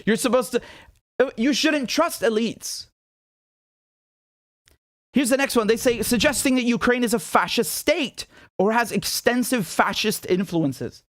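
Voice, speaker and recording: A man's voice: extremely high pitch, unhurried, long pauses, a bit bright, dry recording, clean studio sound. A man from Britain delivering indignant solo political commentary, incredulous and repeating himself, often restarting sentences.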